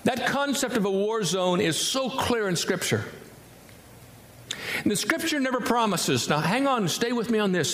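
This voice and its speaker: A male pastor preaching a sermon, emphatic and repetitive, with wide swings between low and high delivery. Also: fairly bright tone. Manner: emphatic, repeats words for effect, wide swings in pitch. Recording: echoey hall, faint ambience.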